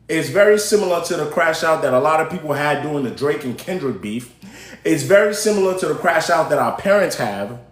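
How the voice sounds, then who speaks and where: A man's voice: high-pitched, fairly bright tone. A man hosting a live stream, chatting casually and directly to his viewers as he gives commentary. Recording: roomy echo.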